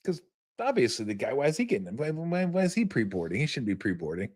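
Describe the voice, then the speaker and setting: A man hosting his own show in a loose, chatty monologue, mid-pitched and lively as he spins a story. He stumbles into restarts and fillers, breaking into laughter along the way. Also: fast talker, slightly rough. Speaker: podcast host.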